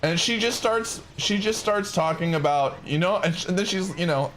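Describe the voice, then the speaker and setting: A man's voice: sits high, normal speed, a little hiss or hum. A man streaming a game while he chats and tells a story in a casual, slangy way, often breaking into laughter. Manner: animated, laughs through the telling, slangy.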